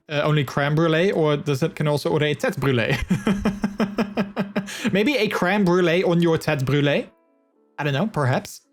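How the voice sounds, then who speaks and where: A man, chatting casually to his live-stream viewers, laughing often and filling pauses with ums. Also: fairly high pitch.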